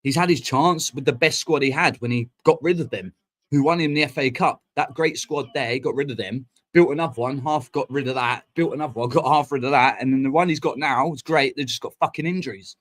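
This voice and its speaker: A man, hosting a fan live stream and ranting in a heated, sweary, rapid-fire way. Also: mid-range voice, fairly bright tone. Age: 40s. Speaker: fan channel host. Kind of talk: casual live-stream rant. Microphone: streaming mic.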